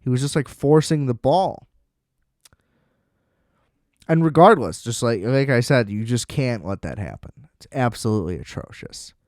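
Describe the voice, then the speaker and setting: A man's voice: mid-range voice, animated, moderate pace, pauses often, darkish tone, dry recording, studio quality. A man hosting a podcast, ranting about football in a blunt, profane, sarcastic way. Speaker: podcast host. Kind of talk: ranting sports commentary.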